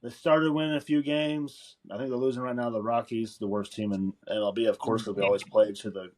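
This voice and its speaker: A man's voice: mid-range voice, fairly even intonation, fairly quick, a little mellow. Laid-back man running a sports rundown. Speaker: podcast host. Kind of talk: casual sports chat.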